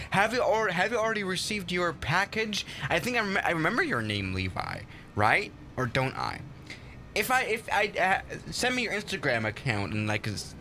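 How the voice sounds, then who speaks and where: While playing a flight simulator on a live stream, a man chats casually, excitable and often tripping over and restarting his sentences. His voice sits at medium pitch, with a faint hiss or hum in the recording.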